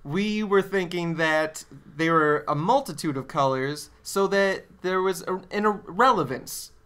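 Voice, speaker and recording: A man's voice: sits high, a little slow, sharp tone, clean tone. A man co-hosting a casual comedy podcast, teasing his co-host with sarcastic, profane banter. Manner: sarcastic, teasing, swears freely.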